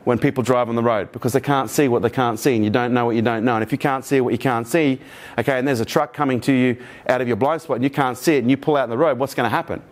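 A middle-aged man giving a keynote talk to a live team, energetic and profane, joking and asking the room questions. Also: medium pitch, fast talker. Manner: energetic, profane, jokey, asks the audience questions. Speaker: keynote speaker. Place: event room with live audience.

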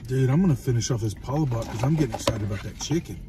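A man's voice: medium pitch, rapid-fire, background noise. A man chatting casually while eating on camera, easygoing and prone to rambling lists. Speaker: co-host.

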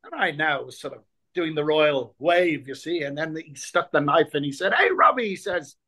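An Irish-born man in his sixties spins anecdotes as an interview guest, with a slightly higher voice than most men. He performs the voices of people in his stories and stumbles over repeated words as he hunts for the next one. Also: normal speed. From Ireland. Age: 60s. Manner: lively raconteur, acts out quoted voices, repeats words when reaching for them. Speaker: guest, former rugby player.

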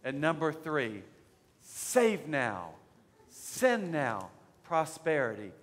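A man preaching a sermon as pastor, leading call-and-response and building up to shouted declarations. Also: on the high side, big pitch swings, extremely slow. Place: church sanctuary. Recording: church hall reverb.

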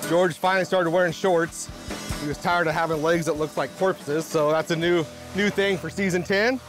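A man's voice: on the high side, steady tone, normal speed, over music. A man who paints and details cars at a restoration shop, explaining his work steps in a plain, matter-of-fact way. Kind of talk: reality show interview and work commentary.

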